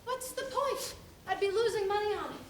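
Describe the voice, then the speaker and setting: Woman doing a sly wheedling con guy who fakes drownings, high voice, echoey hall, way off mic. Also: fairly quick. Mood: indignant. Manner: wheedling, theatrical, haggling. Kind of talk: amateur stage acting. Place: theater stage. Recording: echoey hall, from far off, noisy.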